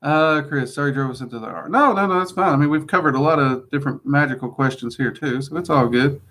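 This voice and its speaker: A man's voice: mid-range voice, fast, a bit bright. A man with a mixed Kentucky and Louisiana Southern accent, hosting a casual livestream and answering chat in a rambling, hesitant way. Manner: rambling, hesitant with many ums, friendly asides. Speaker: host answering live chat.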